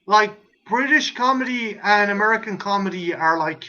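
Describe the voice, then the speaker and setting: A man's voice: high voice, lively intonation, moderate pace, crowd noise. A man hosting a casual chat who swears freely, laughs and acts out comedy scenes. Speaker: podcast host. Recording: dull lo-fi audio.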